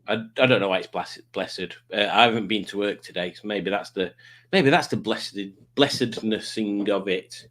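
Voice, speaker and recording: Brief: male stream host, medium pitch, jokey and rambling, casual live chat. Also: measured pace. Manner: rambling, self-mocking, jokey.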